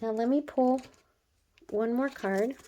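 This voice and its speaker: A woman's voice: on the high side, slow pace, mellow, a little hiss or hum. A woman doing a casual oracle card reading to camera. She talks earnestly and encouragingly, straight to the viewer, in a chatty way with laughs and filler words.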